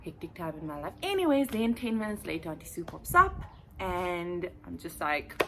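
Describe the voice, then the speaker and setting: Animated young woman telling a story. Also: fairly low pitch, moderate pace, background noise. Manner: animated, acts out voices and sounds while telling a story. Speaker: first-year teacher and vlog host. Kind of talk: casual storytelling vlog.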